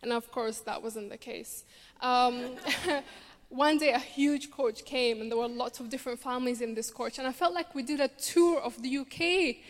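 A Somali woman in her twenties with a Scottish accent tells her own story on a theatre stage, earnest but with dry humor, as a refugee campaigner at a charity show. Her voice sits high and moves at a normal speed. A little hiss or hum is audible, along with the long reverb of a theatre hall.

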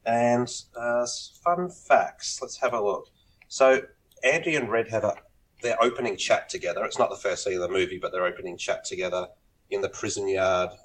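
A man's voice: on the low side, flat delivery, a little fast, a little hiss or hum, low-quality recording. A man, co-hosting a podcast in casual chat, upbeat and teasing. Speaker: podcast co-host.

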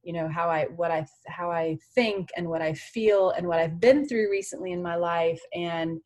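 A Frenchwoman in her forties, a former tennis champion, speaks as a guest on an interview podcast. She talks earnestly and from the heart, using "you know" a lot, in a fairly low, slightly mellow voice at a normal pace.

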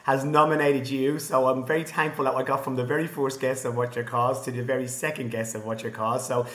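A man with an Irish accent hosting an interview podcast, introducing his guest earnestly and upbeat, often pausing with fillers. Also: mid-range voice, little pitch movement, a bit bright, no room sound. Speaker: podcast host.

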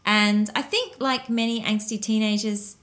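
A young woman co-hosting a casual podcast, telling a story in a chatty, animated way and laughing often. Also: medium pitch, normal speed.

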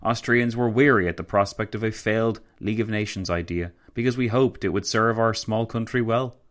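A hopeful male statesman, read by a man narrating. The voice is low and formal, delivering a speech. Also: fairly quick, lightly acted.

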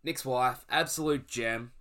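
A man's voice: medium pitch, measured pace, bright, forceful tone. A man co-hosting a podcast in casual chat, easygoing and rambling. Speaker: podcast co-host.

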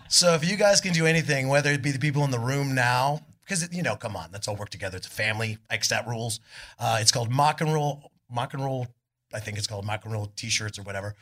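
A middle-aged man from California, a guest musician telling laid-back, animated stories at a live podcast show, acting out what others said. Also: mid-range voice, brisk. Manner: laid-back, animated storytelling with voices for quotes. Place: arts club on stage before an audience.

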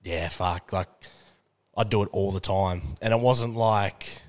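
A man's voice: low voice, unhurried. An Australian man hosting a podcast, chatting in a laid-back way and swearing casually. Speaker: podcast host. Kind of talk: casual chat.

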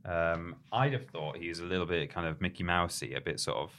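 A man co-hosting a casual gaming podcast, making wry, deadpan asides. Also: low voice, brisk, a little hiss or hum. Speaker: podcast co-host. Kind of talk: casual chat.

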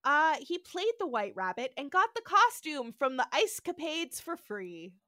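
A woman's voice: sits high, measured pace, dry recording, studio quality. A woman co-hosting a podcast, telling the story with lots of laughs and acted-out quotes in a casual chat. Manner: laughing, animated storyteller who acts out quotes. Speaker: podcast co-host.

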